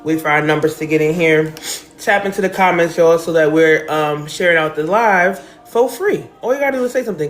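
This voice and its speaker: A woman's voice: low-pitched, brisk. A woman from New Jersey hosting a casual live stream from home, talking emotionally and directly to her viewers. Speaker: livestream host. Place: at home, decorated with balloons and pictures.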